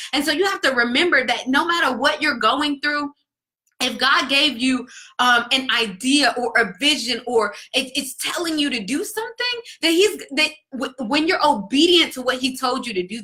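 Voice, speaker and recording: A woman's voice: high voice, sharp tone. A young woman vlogger talking earnestly and emotionally to her viewers about faith, with many restarts. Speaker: vlogger and faith-based business coach. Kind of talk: casual heartfelt talk to camera.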